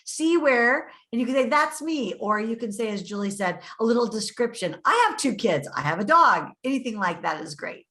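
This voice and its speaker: A woman's voice: on the high side, very animated, normal speed, hardly any pauses. Playful woman co-presenting a workshop. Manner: warm, playful, reads the chat aloud. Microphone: computer mic on a video call.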